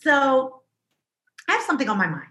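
Woman, podcast co-host, casual animated chat, bright tone, echoey room. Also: high-pitched, normal speed. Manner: animated, hype, emphatic. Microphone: video call.

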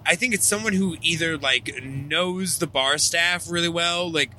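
A man co-hosting a podcast in a moving car, telling a wild anecdote in a profane, excitable way and laughing as he goes. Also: fairly high pitch, a little slow, a little hiss or hum. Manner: excitable, profane, laughs through his story. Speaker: podcast co-host.

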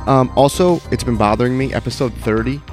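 A man's voice: mid-range voice, brisk, music in the background. A man hosting a podcast in casual chat, congested with a sore throat, rambling loosely and swearing. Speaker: podcast host. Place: indoor room.

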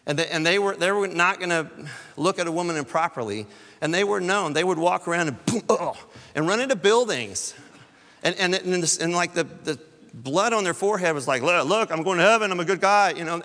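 A man's voice: fairly high pitch, pushed and bright, long reverb tail. A man, a church elder, preaching a conversational sermon, often repeating words and rising to emphatic peaks.

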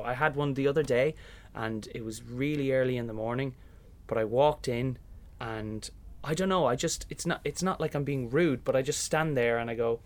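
Irish male stage actor, young, lively anecdotal interview talk, mid-range voice. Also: mid-range voice, moderate pace, few pauses. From Ireland. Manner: chatty storyteller, acts out voices in anecdotes. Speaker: musical theatre actor, interview guest. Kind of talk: casual interview chat.

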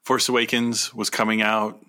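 Deep, bright-voiced man chatting casually. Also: little pitch movement, normal speed. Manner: enthusiastic, joking fan banter. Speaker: podcast co-host. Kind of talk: casual chat.

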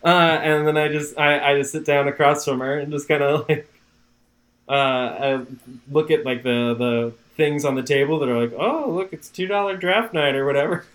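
A young man playing his character in a tabletop game, eager, stumbling over words and quick to laugh. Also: fairly high pitch, a bit bright. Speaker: player. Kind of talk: in-character tabletop role-play.

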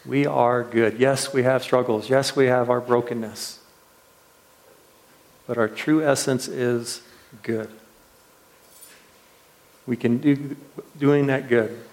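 A man's voice: mid-range voice, fairly even intonation, slow, pauses often. A man leading a retreat, preaching earnestly, often repeating words and posing questions to his listeners. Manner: earnest, repeats words, trails softly then lifts with rhetorical questions. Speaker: retreat leader. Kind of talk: sermon. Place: retreat gathering room.

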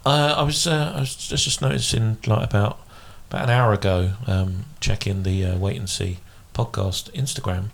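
A man's voice: lowish voice, normal speed, creaky, hardly any pauses. A man co-hosting a podcast in casual chat, hesitant and full of fillers, teasing his co-host. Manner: hesitant, filler-heavy, jokey.

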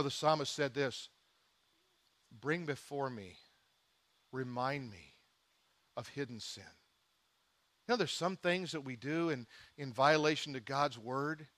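Middle-aged male pastor, high and bright, animated sermon delivery. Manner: animated preacher, shifts between quiet intimate asides and emphatic bursts.

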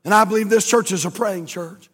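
High-voiced preacher in a reverberant church. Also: male voice, fairly quick, slightly rough. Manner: storytelling, folksy, with rising emphatic repetitions. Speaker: pastor. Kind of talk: sermon. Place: church sanctuary. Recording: long church hall reverb.

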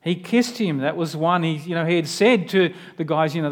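A man's voice: a little high, normal speed, few pauses. A man preaching a sermon in an earnest, conversational way, often turning to the listener with direct questions.

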